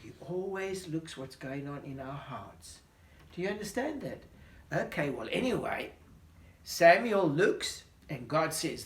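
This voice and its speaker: A man telling a Bible story to children, animated and full of questions for his listener. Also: on the high side, a little slow. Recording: roomy echo.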